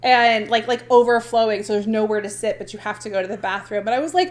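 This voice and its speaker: A woman's voice: on the high side, quick pace, few pauses. A woman in her thirties co-hosting a podcast, talking casually and animatedly with frequent laughter. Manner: animated, laughing, self-described passive aggressive. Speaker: podcast co-host. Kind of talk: casual chat.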